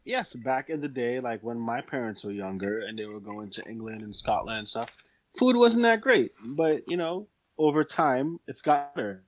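A man's voice: mid-range voice, sing-song, moderate pace. Easygoing man chatting casually. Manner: easygoing, supportive listener, chuckles along. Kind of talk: casual chat.

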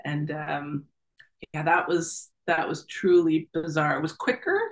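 A middle-aged woman, a guest in an interview, telling a personal story in a lively, casual way, laughing often and acting out the voices of the people in her story. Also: sits low, unhurried, rough recording. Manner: animated, laughs often, acts out quoted voices.

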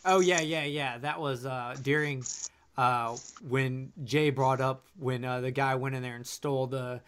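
A man co-hosting a relaxed movie podcast, his voice sitting in an ordinary middle range. He talks with frequent uhs and ums and pauses, coughing now and then. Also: medium pitch, smooth. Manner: hesitant, lots of uh and um. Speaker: podcast co-host. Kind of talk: casual film discussion.

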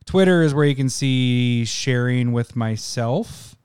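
A man's voice: mid-range voice, slow, a little mellow, smooth, dry recording, studio quality. A man co-hosting a podcast in casual chat, joking and laughing often. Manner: joking, laughs often, bits of silly voices. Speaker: podcast co-host.

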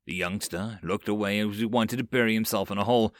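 A man narrating a web novel audiobook with expressive storytelling. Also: lowish voice, fast, few pauses, no echo, clean studio sound.

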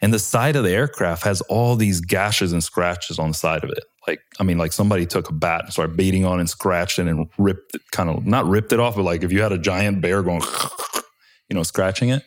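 A man's voice: sits low, normal speed. A man, a helicopter pilot, telling war stories in a laid-back, slangy way with casual swearing. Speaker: Chinook helicopter pilot, guest.

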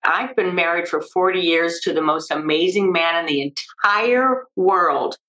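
An older woman, an expert guest on an interview podcast, explaining emphatically and telling lively stories. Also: lowish voice, a little slow, low-quality recording. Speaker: maternal mental health expert guest.

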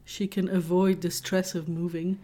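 Mellow-voiced woman, teasing podcast host. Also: fairly low pitch, flat delivery, normal speed. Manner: teasing, laughs often. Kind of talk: casual chat.

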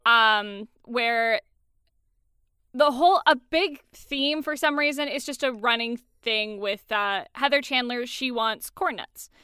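A young woman co-hosting a casual movie chat, chatty and animated, swearing casually as she retells scenes. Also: fairly high pitch, slow, clear, resonant tone, no room sound, clean studio sound. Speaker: podcast co-host.

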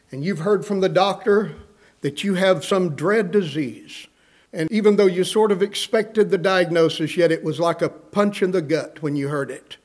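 A man's voice: sits high, darkish tone. A male pastor preaching a sermon, rhythmic and building into pleading outbursts.

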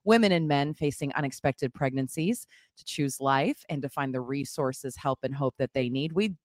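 A woman hosting a casual morning show over a video call, bubbly and quick to laugh. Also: a bass voice, darkish tone, dry recording, clean studio sound. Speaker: show host.

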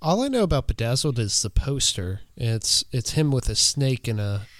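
A man's voice: mid-range voice, very animated, normal speed. A man chatting casually on a podcast, curious and laid-back.

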